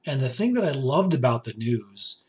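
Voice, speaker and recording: A man in his sixties, hoarse and raspy from a cough, hosting a rambling, jokey solo podcast from a basement home studio. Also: medium pitch, sing-song, moderate pace, a little mellow. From upstate New York. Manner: rambling, jokey, with many fillers and asides. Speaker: podcast host.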